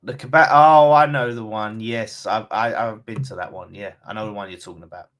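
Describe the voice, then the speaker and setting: A man's voice: fairly low pitch, fairly even intonation, a little fast, fairly bright tone. A man with an Essex accent hosting a casual fan live stream, reading out viewer comments in a blunt, chatty way and calling everyone mate. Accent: London and Essex.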